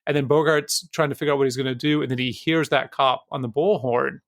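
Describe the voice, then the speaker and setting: A man's voice: medium pitch, steady tone, fast, no echo, studio quality. A man co-hosting a film podcast, talking through ideas in a loose, rambling way with lots of fillers. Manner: thoughtful, rambling with many fillers. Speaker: podcast co-host. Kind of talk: casual film discussion.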